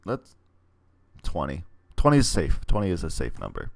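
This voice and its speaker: A man's voice: sits low, huge pitch swings, normal speed, vocal fry, no echo. A man playing through a text game, reading its story aloud with hesitant, rambling asides on his choices. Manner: rambling, hesitant asides between read passages. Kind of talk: casual let's play commentary and reading.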